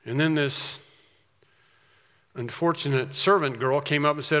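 A pastor delivers a sermon, his slightly high voice swelling into loud, slowed emphasis on key phrases before falling back to a quieter tone. The sound suggests a big room.

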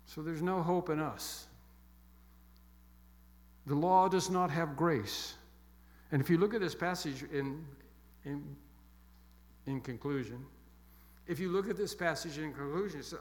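A man preaching a sermon with emphatic, repeated phrases that fall soft and quiet toward the close. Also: fairly high pitch, expressive, moderate pace, long pauses. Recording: long echo of a large hall.

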